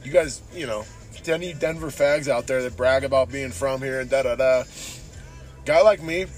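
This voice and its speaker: A man's voice: mid-range voice, moderate pace. Man from san diego, podcast host, swearing rant, rambling, mid-range voice, faint music behind. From San Diego, Southern California. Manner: profane, rambling, says "dude" constantly. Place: in a car while driving.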